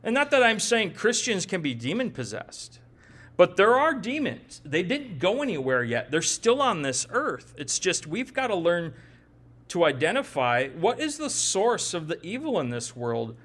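A man preaching a sermon in a conversational, animated way, often acting out quoted dialogue. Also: high-pitched, a little slow. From Upper Midwest of the United States. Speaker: pastor.

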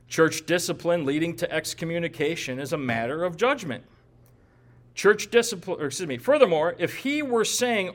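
A man with a rather high voice teaches through a scripture passage verse by verse. He lectures with firm emphasis and now and then drops a dry, joking aside. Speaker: Bible teacher.

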